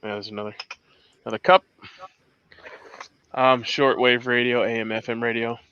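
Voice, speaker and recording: A man's voice: mid-range voice, flat delivery, moderate pace, sharp tone, clean tone, dull audio. A man hosting a casual live question-and-answer show, rambling with frequent restarts as he shows his gear. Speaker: host. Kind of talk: casual livestream chat.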